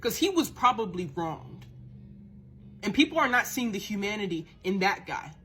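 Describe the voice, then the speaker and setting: A woman's voice: medium pitch, big pitch swings, normal speed, fairly bright tone, soft background music. A woman hosting a podcast, ranting in a heated, profane monologue and often repeating and restarting words as she gets worked up. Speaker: podcast host.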